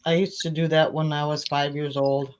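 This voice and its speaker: A woman co-host in casual chat, telling a childhood memory in a relaxed way. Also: deep voice, moderate pace, rough recording.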